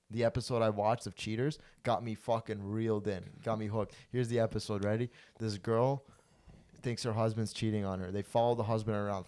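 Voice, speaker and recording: Profane, animated male podcast host. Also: on the low side. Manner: profane, animated storyteller who acts out quotes loudly. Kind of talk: casual storytelling chat.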